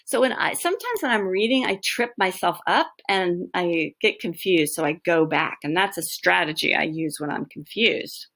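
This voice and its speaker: A woman teacher reading a children's novel aloud, stopping to explain her thinking in an expressive, explanatory way. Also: on the low side, normal speed, hardly any pauses.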